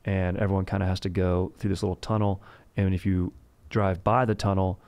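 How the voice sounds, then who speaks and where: A man hosts a comedic history podcast. His voice is low and gravelly with plenty of fry. He rambles, swears freely and drops slang constantly. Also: little pitch movement, brisk, darkish tone, no echo. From Southern California. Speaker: podcast host.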